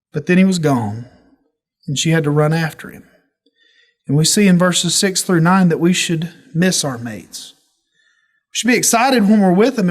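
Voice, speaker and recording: A man leads a church Bible study as its pastor. His voice sits high for a man, and he teaches in a folksy, animated way, full of homey stories.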